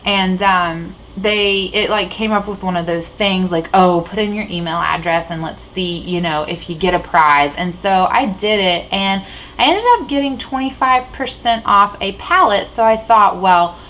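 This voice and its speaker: A woman's voice: medium pitch, normal speed, a bit bright, a little hiss or hum, poor audio. A woman vlogging about beauty products in a rambling, chatty way, full of fillers and restarts, while sitting at a table indoors. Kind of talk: casual chat.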